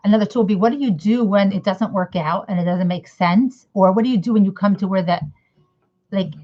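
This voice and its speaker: A woman's voice: mid-range voice, fairly quick, mellow. A woman giving a casual, rambling lesson to parents, often acting out little mock dialogues. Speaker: educator. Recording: slightly dull lo-fi audio.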